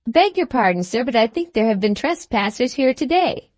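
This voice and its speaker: A woman's voice: a little high, sing-song, fairly quick, a little mellow, no echo. A woman voicing a timid, deferential male gardener speaking to his master.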